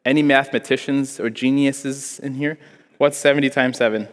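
A man's voice: mid-range voice, moderate pace. Young man preaching in an echoing hall. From Africa. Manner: animated, joking, acts out voices in his story. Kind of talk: sermon with storytelling. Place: church hall before a congregation. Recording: long hall reverb.

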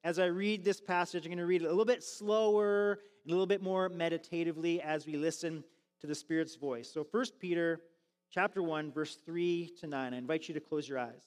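A man's voice: on the high side, steady tone, brisk, big-room sound. A man pastor preaching a sermon to his congregation in a church, talking in a conversational way with fillers and restarts. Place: church sanctuary.

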